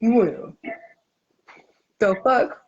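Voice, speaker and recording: A woman telling a personal story in casual podcast chat, profane and animated. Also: on the high side, extremely slow, muffled recording. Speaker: guest.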